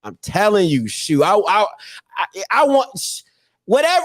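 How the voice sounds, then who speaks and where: A man hosting an online call-in show, talking in an animated, preachy and joking way full of slang. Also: high-pitched, unhurried. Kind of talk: energetic call-in show monologue.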